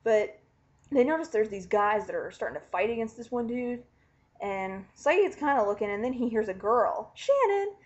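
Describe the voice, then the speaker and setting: A woman giving an animated, casual spoken recap, chatty and swearing freely. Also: fairly high pitch, moderate pace. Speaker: vlogger recapping a TV finale. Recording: dull lo-fi home recording.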